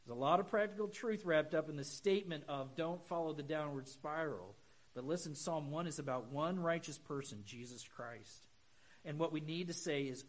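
A middle-aged pastor preaching a sermon in a conversational way, with humorous asides and emphatic high points. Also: male voice, normal speed, poor audio.

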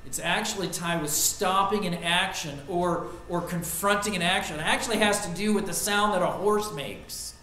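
A man preaching a sermon as pastor, earnest, rising to loud emphasis and dropping to quiet reflection. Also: high-pitched, normal speed, hardly any pauses. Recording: echoey room with faint ambient noise.

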